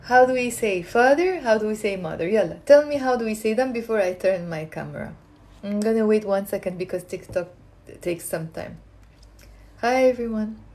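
A woman runs a live language lesson into her phone. She talks in a lively, coaxing way and repeats words for learners to drill. Her pitch sits in the middle range. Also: normal speed. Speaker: Lebanese Arabic teacher.

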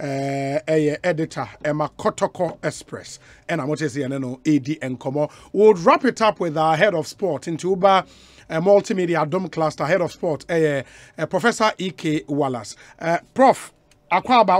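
A man with a Ghanaian accent hosting a radio sports talk show, briskly introducing guests and asking questions in Twi and English. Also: on the high side, no echo.

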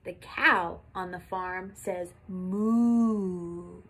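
A young woman leading a sing-along music lesson for toddlers, animated and coaxing in an exaggerated way. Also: fairly high pitch, unhurried. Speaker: children's music teacher.

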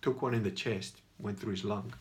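A man's voice: fairly low pitch, steady tone, moderate pace. A middle-aged man telling a personal story in a casual monologue, rambling and swearing, laughing as he goes and acting out what people said. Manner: rambling, profane, laughs as he talks, acts out quotes.

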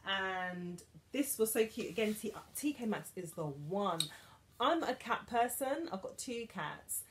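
A woman's voice: medium pitch, lively intonation, measured pace, a little hiss or hum. A woman, chatting casually through a shopping haul with giggly, emotional asides. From England. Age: 30s. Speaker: vlogger.

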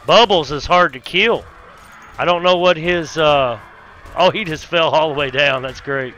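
A man giving casual let's play commentary while fighting a zombie horde, with loud cursing exclamations and folksy grammar. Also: a little high, a little slow, soft background music. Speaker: gaming YouTuber.

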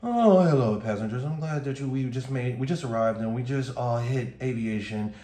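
A smarmy male airline pilot gives a cabin announcement in a deep, put-on announcer voice, as a man acts him out. He fumbles his words while sounding soothing and falsely reassuring. The voice sits far below his usual register and rings in a roomy, echoey space. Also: expressive, normal speed, warm tone, natural voice. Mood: mock-polite. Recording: roomy echo.

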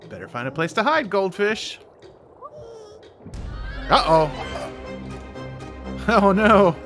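A man gives chatty let's play commentary on a video game, talking playfully to the characters on screen. His voice sits a little high and swings widely in pitch, and he talks at an unhurried pace. Game music plays behind him. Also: sing-song, a bit bright. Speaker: gaming channel host.

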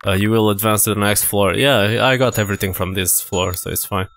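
A man's voice: fairly low pitch, steady tone, a little fast, a bit bright, a little hiss or hum. A man casually commenting while he plays a game, muttering and swearing in loose reactions. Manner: laid-back, swears often, mutters reactions. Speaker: gaming channel host. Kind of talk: casual let's play commentary.

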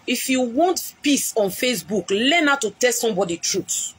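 A woman's voice: fairly high pitch, expressive, normal speed, few pauses, over music. A woman with a Nigerian accent, a prophetess speaking on a live stream in an impassioned way, repeating lines for emphasis. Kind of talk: emotional live-stream address.

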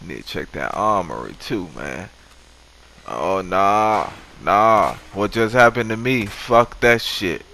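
Profane man doing slow gameplay commentary. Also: on the low side, expressive, creaky, bright, forceful tone. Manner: swearing, trash-talking enemies. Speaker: gamer. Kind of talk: profane let's-play commentary.

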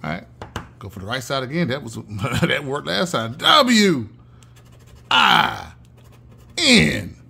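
Chatty man with a gravelly voice. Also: mid-range voice, expressive, normal speed, fairly bright tone. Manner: chatty, calls out numbers in a sing-song chant. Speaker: channel host. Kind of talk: casual scratch-off ticket commentary.

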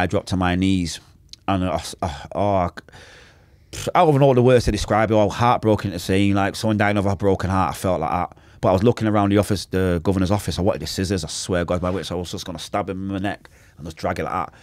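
A Manchester man with a low, darkish voice talks fast in a clean studio recording with no echo. He's a podcast guest telling an intense, emotional personal story, acting out the voices of people he quotes.

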